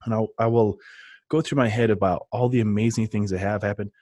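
A man's voice: lowish voice, fairly even intonation, fairly quick, dark tone, no room sound, studio quality. A man telling stories with enthusiasm in a casual podcast chat. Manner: enthusiastic, rambling storyteller.

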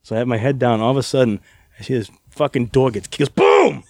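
A man, a former wrestler and podcast guest, telling animated anecdotes with laughs. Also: mid-range voice, a little fast, a little hiss or hum. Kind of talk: podcast storytelling.

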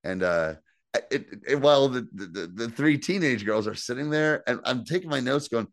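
A man's voice: mid-range voice, lively intonation, moderate pace, no room sound, clean studio sound. A man co-hosting a podcast, recapping a TV episode in casual, rambling chat and acting out characters' lines. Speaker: podcast co-host.

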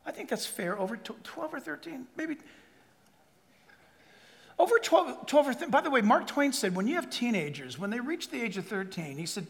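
Pastor, male, very high bright voice, animated emphatic sermon delivery, large reverberant hall, congregation laughing. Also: moderate pace, creaky, a little hiss or hum. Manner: animated, emphatic preaching with asides and quoted voices. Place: church hall before a congregation. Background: audience laughter.

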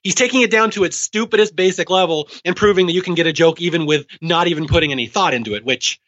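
This forties-aged podcast co-host talks fast in a fairly high, fairly bright voice, keeping the chat casual and eager with frequent laughter. The audio comes across dull and lo-fi.

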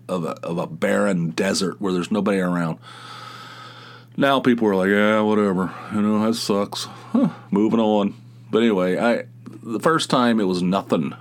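A man hosts his own podcast alone, chatting casually. His voice sits fairly low, and he rambles, often restarting sentences and wandering into asides. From West Virginia. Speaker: podcast host. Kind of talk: casual solo podcast monologue.

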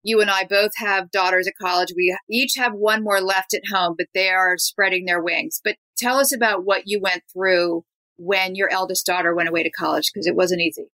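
A woman's voice: medium pitch, steady tone, normal speed, bright, forceful tone, low-quality recording. A woman hosting a talk show, introducing her guests and asking them questions in a chatty way. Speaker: podcast host.

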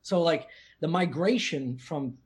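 A man's voice: on the high side, unhurried, breathy edge. A man from the Philadelphia area with a Philly accent, telling profane stories in casual podcast chat. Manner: profane, storytelling, laughs often.

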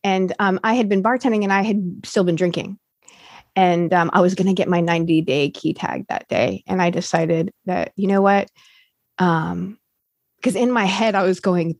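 A woman's voice: medium pitch, moderate pace, no room sound, studio quality. A woman, now a recovery coach, candidly telling her recovery story in a rambling way, full of fillers and restarts.

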